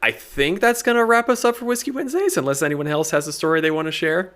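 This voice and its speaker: A man's voice: on the high side, animated, quick pace, fairly bright tone. Laid-back man hosting a chat show. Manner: laid-back, rambling, laughs often. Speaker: podcast host. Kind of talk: casual chat.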